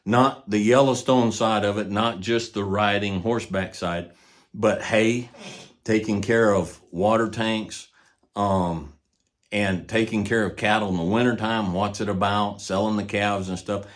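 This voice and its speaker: Deep-voiced older man, folksy storyteller. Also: steady tone, unhurried. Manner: folksy, storytelling, drops to a low murmur. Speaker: horse trainer. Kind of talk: casual teaching talk.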